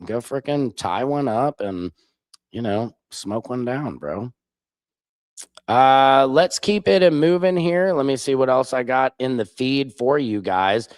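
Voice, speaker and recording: A man's voice: mid-range voice, expressive, takes it slowly, dry recording, studio quality. A man in his forties from Missouri, hosting a casual live stream and trading sarcastic banter with viewers in chat. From Missouri, USA. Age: 40s.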